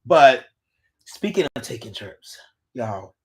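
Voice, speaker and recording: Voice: medium pitch, sing-song, slow pace. An adult host chatting casually on a live stream, greeting viewers by name and reading their comments aloud, recorded on a phone.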